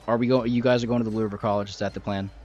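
Man doing a brisk, calm wizard. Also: on the low side, faint music behind, close to an everyday voice. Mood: businesslike. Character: male wizard, calm and businesslike. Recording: slightly muffled recording.

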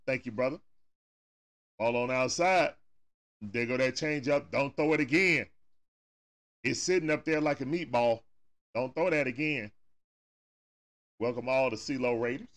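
A man's voice: medium pitch, fairly bright tone. A man with a Southern US accent hosting a casual watch-party stream, calling the plays live and talking straight at the players in folksy turns of phrase. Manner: talks straight at the players, coaching and groaning. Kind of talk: casual live play-by-play commentary.

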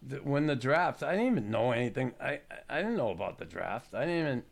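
A man in his sixties, a retired hockey player hosting a chat show, telling stories in a halting, plainspoken way. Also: medium pitch, very animated, creaky. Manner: halting, restarts, plainspoken storytelling. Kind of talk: casual podcast chat.

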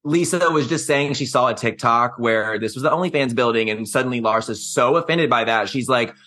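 A man's voice: medium pitch, a little fast, bright, forceful tone. A man co-hosting a podcast, chatting casually about reality TV with snarky, profane asides. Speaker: podcast co-host. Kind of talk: casual reality-TV recap chat.

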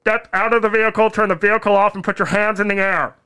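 A man's voice: sits high, steady tone, quick pace, bright, forceful tone, clear, resonant tone, voice pushed up. A man imitating a stern police officer who barks clipped orders at a driver, raising his voice a little above his own. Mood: commanding.

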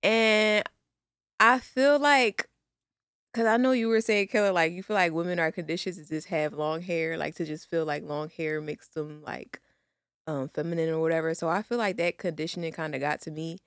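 A woman's voice: on the low side, normal speed, a bit bright, clean tone, no room sound, studio quality. A woman in her twenties co-hosting a podcast, chatting loosely with slangy asides and laughs. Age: 20s. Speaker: podcast co-host. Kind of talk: casual chat.

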